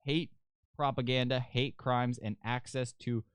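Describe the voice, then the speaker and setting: A man from Canada hosting a political podcast, ranting in a loud, crude and sarcastic way with frequent restarts. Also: medium pitch, little pitch movement, unhurried, smooth, no room sound. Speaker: podcast host.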